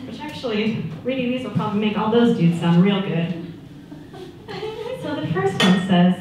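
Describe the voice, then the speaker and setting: 20s woman doing standup, lively voice jumping around, echoey room, mic kinda far off. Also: medium pitch, moderate pace, pauses often, background noise. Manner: chatty storytelling, acts out voices. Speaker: stand-up comedian. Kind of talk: stand-up comedy set.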